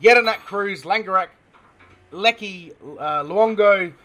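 A high, bright Australian man talking in a casual sports chat, bubbly and quick to laugh. He rambles and stumbles over names as he gets worked up. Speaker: podcast co-host.

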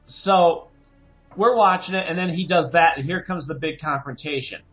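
A man co-hosting a podcast in casual chat, animated and acting out quotes in different voices. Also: fairly high pitch, normal speed, lo-fi sound, soft background music. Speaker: podcast co-host.

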